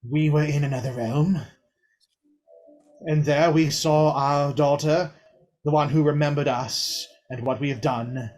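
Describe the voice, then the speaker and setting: A man voicing a proud, stern high elf noble father who speaks slowly and emphatically. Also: steady tone, darkish tone, soft background music, lightly acted. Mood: grieving. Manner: haughty, slow, emphatic.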